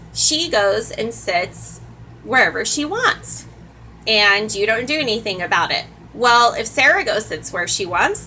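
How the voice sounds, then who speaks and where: Bright-voiced woman giving teaching advice. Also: a little high, a little hiss or hum, poor audio. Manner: earnest, repetitive emphasis. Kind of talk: instructional talk to camera.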